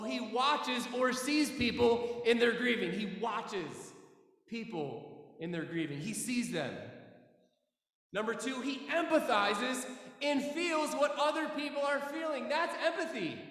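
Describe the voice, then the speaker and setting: A man preaching a sermon as pastor, earnest, with slow dramatic pauses and phrases that sink low. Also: fairly bright tone. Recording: echoey hall from far off.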